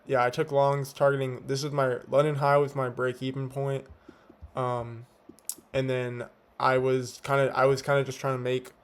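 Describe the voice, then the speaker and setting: A young man giving a laid-back, slangy recap of his trading day, talking with a slight lisp from teeth whitening strips. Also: medium pitch. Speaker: day trader. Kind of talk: casual trade recap. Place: home at night.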